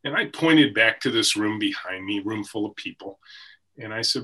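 Brief: middle-aged male CEO guest, reflective storyteller, slightly lower pitch, husky timbre. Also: animated, moderate pace, bright, forceful tone. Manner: reflective, story-telling, occasional laughs. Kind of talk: conversational podcast interview. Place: office with a team room behind him.

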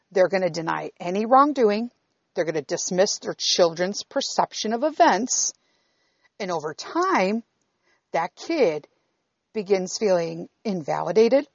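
Gravelly middle-aged woman telling it straight. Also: lowish voice, no room sound. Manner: blunt, profane, checks in with listeners. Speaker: vlogger. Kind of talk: candid personal storytelling. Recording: dull, slightly lo-fi recording.

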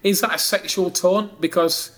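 A man's voice: sits high, fairly even intonation, moderate pace, a bit bright. A man co-hosting a comedy podcast, mocking and picking apart a news story in a sarcastic, mock-indignant way. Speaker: podcast co-host.

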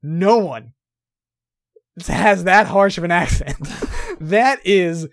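A man's voice: sits high, slow pace, no room sound. A young man co-hosting a movie podcast, blunt and jokey, swearing freely in casual chat. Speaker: podcast co-host.

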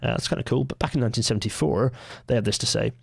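A man hosts a casual livestreamed podcast, wandering through asides and correcting himself as he goes. His voice is gravelly with a middling pitch. The recording is dry and close. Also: very fast, dry recording. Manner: rambling, self-correcting, full of fillers and asides. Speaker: podcast host.

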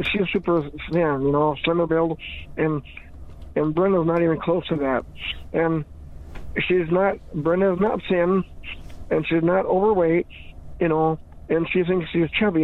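Giggly guy rambling on and on, thin lo-fi phone sound. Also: a little high. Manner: giggly, rambling, lots of restarts. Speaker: podcast regular. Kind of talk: rambling casual chat.

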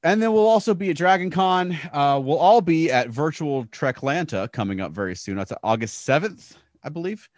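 A man's voice: on the high side, lively intonation, moderate pace, no room sound, clean studio sound. A man hosting a casual podcast panel chat, laughing often. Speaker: podcast host.

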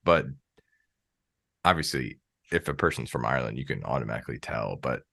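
A low-pitched American man hosts a podcast, his tone bright and forceful. He talks in a loose, rambling way, full of filler words. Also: animated, brisk, creaky. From United States. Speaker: podcast host. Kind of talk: casual interview chat.

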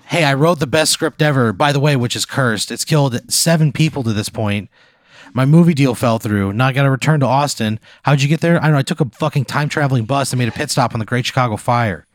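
A man's voice: mid-range voice, fast. A man on a comedy podcast, ranting indignantly and cursing in banter. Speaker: podcast co-host.

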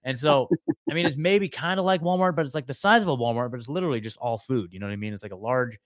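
A chatty male host running a call-in podcast, rambling easily and tossing in "dude" and "man." He sits at a mid-pitched, ordinary voice in a dry, close room with no echo. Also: fast. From US West Coast. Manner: chatty, repeats words, calls people man and dude. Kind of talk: casual call-in chat.

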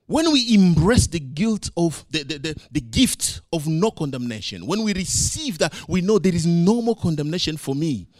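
A man preaching a sermon as pastor, swinging from loud emphasis to quiet asides and acting out his own quoted words. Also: fairly high pitch, very animated, normal speed, few pauses, no echo, clean studio sound.

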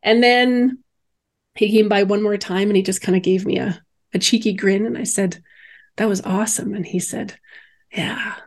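A woman's voice: mid-range voice, fairly even intonation, normal speed. A bereaved mother in casual conversation, telling a personal story with animation and acting out the voices of the people she quotes.

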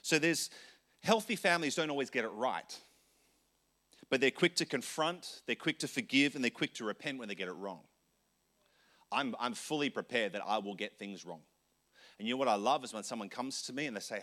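A man who is the senior pastor, preaching a sermon in a loose, conversational way, correcting himself and slipping into quick asides. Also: medium pitch, expressive, sharp tone.

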